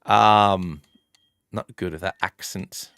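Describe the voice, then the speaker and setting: A man streaming a game live, rambling through his moves and excitedly thanking viewers by name. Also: low voice, slow pace, gravelly, smooth, no room sound. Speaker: streamer playing a fusion monster game. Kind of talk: casual live-stream chat and game commentary.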